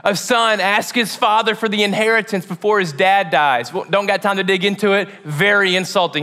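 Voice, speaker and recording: A male pastor preaches in a high, bright voice, animated and casual. He slips into slang and acts out his stories as he goes. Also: moderate pace, few pauses. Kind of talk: sermon.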